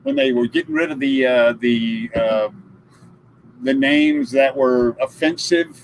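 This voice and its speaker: A man's voice: mid-range voice, wildly swooping pitch, unhurried, gravelly, a little hiss or hum, rough recording. A middle-aged man hosting a casual live stream, joking and telling stories. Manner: jokey, storytelling, laughs at his own puns.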